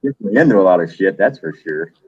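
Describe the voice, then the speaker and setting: Husky-voiced man hosting a chatty livestream. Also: low voice, expressive, fairly quick, dry recording, dull audio. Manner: chatty, profane, greets viewers by name. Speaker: livestream host. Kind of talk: casual livestream chat.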